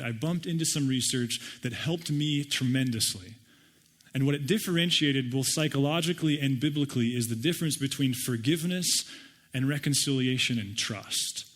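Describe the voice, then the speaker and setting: A middle-aged man preaching a sermon and telling personal stories with animated, self-deprecating humor. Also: medium pitch. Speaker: pastor.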